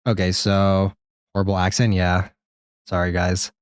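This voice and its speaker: A man with a low speaking voice talks his way through a game on a live stream. He rambles, jokes with chat and swears casually, and he jumps into high-pitched exclamations when something surprises him. The sound is dry and close, with no room echo. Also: flat delivery, measured pace, smooth. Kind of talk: live gameplay commentary.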